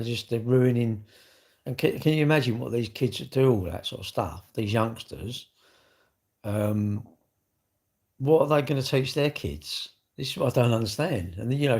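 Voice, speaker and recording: Rambling man, low voice. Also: gravelly, a little mellow. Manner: rambling, full of rhetorical questions. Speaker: vlogger. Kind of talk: casual rambling monologue.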